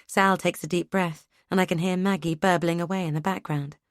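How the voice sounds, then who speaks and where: A woman narrating a first-person thriller audiobook in a brisk, tense way. Her voice sits on the low side and is recorded close on a studio mic. The sound is dry, with no room echo. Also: fairly even intonation.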